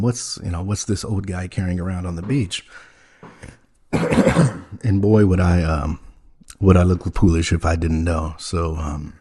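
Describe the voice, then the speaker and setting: Deep, husky man telling an earnest story. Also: dark tone. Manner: halting, full of ums and you-knows; earnest, wide-eyed naive. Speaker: podcast host playing a naive character. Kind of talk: deadpan comedic storytelling.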